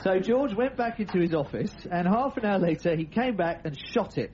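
Man, radio comedy host, playful laughing delivery, high voice, muffled lo-fi sound, steady hiss. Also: a little fast. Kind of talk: jokey comic radio patter.

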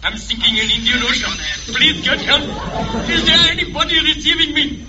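An actor voicing foreign radio operators who speak clipped, broken English in a 1970s TV sitcom. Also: male voice, very high voice, moderate pace, crowd noise. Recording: dull old TV audio with hiss.

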